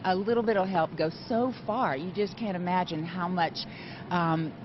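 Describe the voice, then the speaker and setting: A woman speaking earnestly, with some hesitations, for a charity in a live TV interview. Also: on the low side. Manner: earnest, slightly halting. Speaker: charity representative. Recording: muffled audio with background noise.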